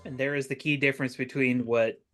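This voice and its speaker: A woman's voice: extremely low pitch, fairly even intonation, fairly quick, noisy background. A woman running a tabletop game in casual chat, teasing and laughing often.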